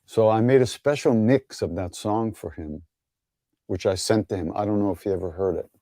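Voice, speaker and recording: A man's voice: lowish voice, moderate pace, mellow, no echo, studio quality. A man hosting an online gathering, answering viewer questions in an easygoing, wry way, telling stories with many fillers and chuckles. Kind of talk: casual online Q&A storytelling.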